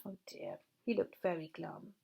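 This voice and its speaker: A woman reading a children's story aloud in a gentle, expressive way, with asides to a puppet. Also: on the low side, moderate pace, gravelly, slight background noise.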